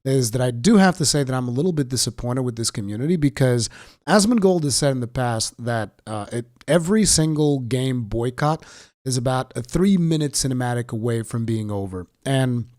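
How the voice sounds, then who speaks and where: A man's voice: medium pitch, lively intonation, fairly quick, darkish tone, no room sound, clean studio sound. A man with a sick voice giving casual, opinionated gaming commentary with sarcastic asides.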